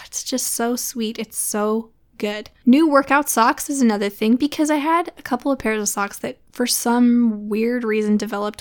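A woman in her thirties hosting a casual solo podcast, chatty and encouraging as she talks to other mothers. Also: on the high side. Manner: warm, encouraging, chatty with laughs. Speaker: podcast host.

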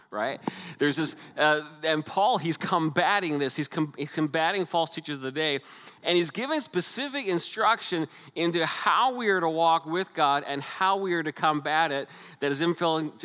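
A male pastor with a bright, somewhat high voice delivers a sermon in an easy, conversational way. He repeats key words for emphasis and poses rhetorical questions. His voice rings out with a long reverb from a large church auditorium.

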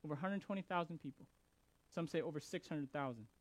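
A man voicing God as a patient male figure who gently reproaches and pleads. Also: on the high side, fast, close to an everyday voice. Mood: earnest reproach.

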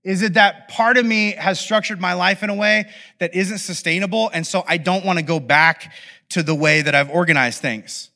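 A man's voice: sits high, moderate pace. A man in his thirties preaching a sermon as a personal story, casual with many fillers, acting out his own lines with big swings. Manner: animated, acts out his own shouting in stories. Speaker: pastor.

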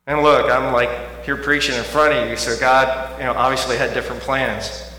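Man preaching, bright forceful voice, chatty sermon delivery from hushed to loud, roomy church echo with a faint hum. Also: mid-range voice, fairly even intonation, moderate pace. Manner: conversational preaching, swings from quiet to loud. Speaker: pastor. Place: church sanctuary. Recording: echoey hall with faint hum.

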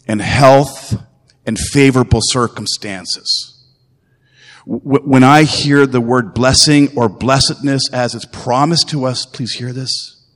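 A man's voice: mid-range voice, long reverb tail. A man preaching a sermon as pastor, earnest and emphatic, repeating phrases and putting direct questions to his listeners.

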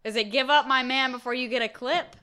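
A woman's voice: sits high, fairly even intonation, a little fast, pushed and bright. A woman from the South, in casual chat, laughing often and swearing freely. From American South.

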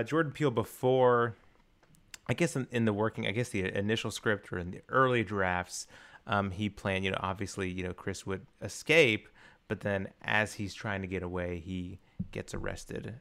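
A man with a fairly low voice co-hosts a casual film podcast. He talks with eager enthusiasm, circles back often and fills gaps with "you know". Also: steady tone, normal speed, a bit bright. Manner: enthusiastic, rambling with many restarts and fillers. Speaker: podcast co-host.

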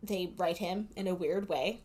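A woman's voice: fairly low pitch, measured pace, a little mellow. A woman podcast co-host in casual chat, recapping a film plot in a chatty, sarcastic way and laughing often, speaking into a headphone mic. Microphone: headphones with a corded mic.

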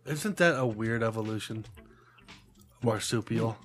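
A man's voice: fairly low pitch, a little slow. Joking man on a podcast. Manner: joking, laughs often, swears casually. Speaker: podcast co-host. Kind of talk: casual chat.

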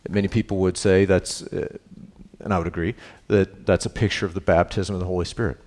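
A male pastor leads a Bible study in a loose, conversational sermon, frequently checking in with "right?" and asking questions. He moves between low, earnest, hushed stretches and lively, animated bursts.

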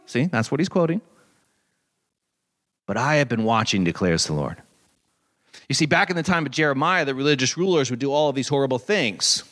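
A man preaching a sermon in an animated, conversational way, with dramatic scripture readings. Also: mid-range voice, a little fast, pauses often. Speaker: pastor.

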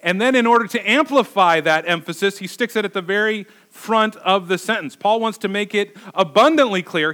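A man's voice: sits high, bright, forceful tone. A middle-aged male pastor preaching a sermon, emphatic and repeating words for stress.

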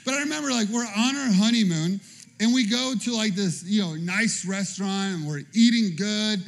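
A man's voice: high-pitched, normal speed, vocal fry. A man in his thirties or forties preaching a sermon in a chatty, humorous way, telling personal stories and often checking in with "okay?". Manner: animated, conversational preaching with frequent "okay?". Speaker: pastor.

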